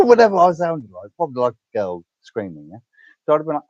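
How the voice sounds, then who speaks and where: A man's voice: a little high, very animated, a little fast, pauses often, darkish tone, no echo. Rambling man ranting to viewers. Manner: rambling, swears a lot, laughs between lines. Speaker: livestream host. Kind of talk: casual ranting monologue to viewers. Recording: dull lo-fi dry sound.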